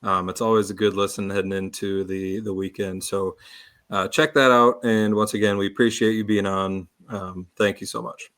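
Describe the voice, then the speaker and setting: A man's voice: fairly low pitch, level tone, normal speed, fairly bright tone. A man hosting a sports podcast, easygoing and chuckling, with frequent hesitant fillers. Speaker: podcast host. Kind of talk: casual chat.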